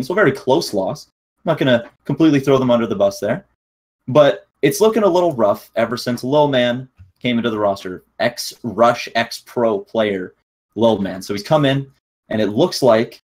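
A man's voice: medium pitch, a little mellow. Laid-back young man hosting esports talk. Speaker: esports podcast co-host. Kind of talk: casual chat.

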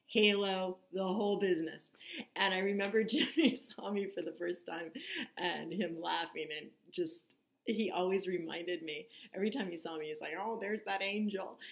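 A woman in her forties, a meditation teacher, talking casually to her viewers, chatty and laughing, with soft whispery asides. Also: fairly low pitch, gravelly. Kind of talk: casual vlog monologue.

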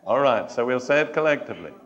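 A man preaching a sermon to a congregation. He speaks in a measured, emphatic way, puts questions and challenges to his listeners, and adds touches of dry humor. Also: mid-range voice, expressive, highs cut off. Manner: addresses and challenges the congregation directly.

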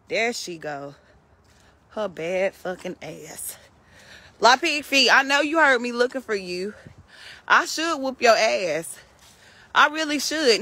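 A woman's voice: mid-range voice, animated, slow, pauses often, sharp tone, breathy edge, no room sound. A woman calling and scolding her farm animals outdoors, as if they were naughty kids. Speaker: vlogger. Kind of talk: casual chat while calling farm animals.

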